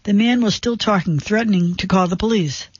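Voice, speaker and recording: A man with a high, husky voice narrates a dark suspense story in measured, tense tones. The recording is dry and slightly dull, with no room sound at all.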